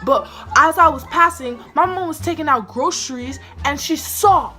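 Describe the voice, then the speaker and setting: A woman telling a personal story in casual story-time style, animated and full of "like" fillers, acting out the people in it with big jumps in pitch. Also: normal speed, faint music behind.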